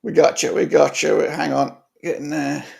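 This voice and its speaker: A man's voice: fairly high pitch, fairly even intonation, normal speed, vocal fry, darkish tone, slightly rough. A man hosting a casual football match preview, chatty and exclamatory, talking to his viewers as guys. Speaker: football fan channel host.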